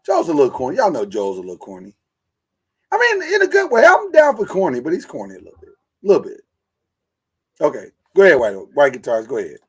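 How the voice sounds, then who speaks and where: A man with a husky, slightly high voice hosts a podcast, joking and animated. His pitch swings widely, and his delivery slips into preacher-like flourishes. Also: quick pace, low-quality recording. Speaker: podcast host. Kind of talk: casual chat.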